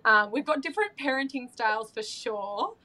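A woman in her thirties talks in a casual podcast chat, her voice sitting a little high. She gushes and turns emotional, stopping and restarting her sentences with plenty of fillers. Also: sing-song, moderate pace, pushed and bright, rough recording. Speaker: podcast guest.

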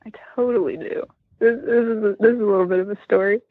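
A woman's voice: medium pitch, steady tone, fast, no room sound. A woman from Western Pennsylvania, a guest chatting animatedly and telling stories with lots of "like.". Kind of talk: casual storytelling interview. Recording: tinny phone line, remote call.

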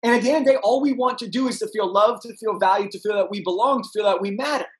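A young man, a podcast guest, telling an energetic story and acting out the people in it. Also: high-pitched, rapid-fire, rough recording. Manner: animated, acts out voices in his anecdotes.

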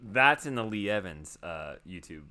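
American dude cohosting a podcast, low voice that swings around a lot, hyped and goofy. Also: male voice, moderate pace, clear, resonant tone. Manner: excitable, playful, jokes around. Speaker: podcast co-host. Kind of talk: casual podcast chat.

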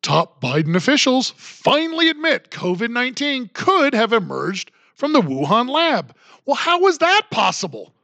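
Animated, high-pitched ranting man. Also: normal speed, creaky, no echo. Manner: sarcastic, ranting. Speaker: podcast host. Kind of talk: solo political commentary podcast.

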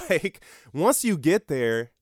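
A man's voice: on the high side, sing-song, takes it slowly, no echo, clean studio sound. A man who is a father and rapper, speaking as a podcast guest in an earnest, heartfelt way and laughing easily. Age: adult, a father. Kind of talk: casual conversation.

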